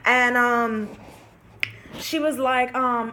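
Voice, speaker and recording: Young woman vlogger, bright high voice, loose candid storytime delivery with plenty of swearing. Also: measured pace, a little hiss or hum. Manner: chatty and candid, swears freely, peppered with "like" and "you know". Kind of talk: casual storytime chat.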